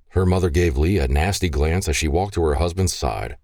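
A man narrating an audiobook in a measured, expressive storytelling manner. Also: rumbling low, dry recording, clean studio sound.

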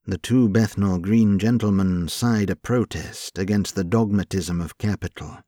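A deep-voiced man narrates a scripted audiobook with calm, even storytelling. The recording is dry and the studio sound clean.

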